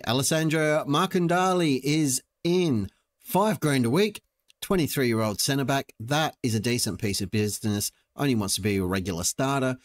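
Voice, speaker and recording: A young man giving playful, joking let's-play commentary as a gaming channel host. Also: mid-range voice. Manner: playful, jokey, talks to the screen.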